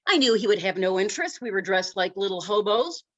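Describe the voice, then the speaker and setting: A middle-aged woman giving a humorous storytelling speech in an animated, self-deprecating way. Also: medium pitch, a little fast, dull audio. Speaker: Toastmasters speaker.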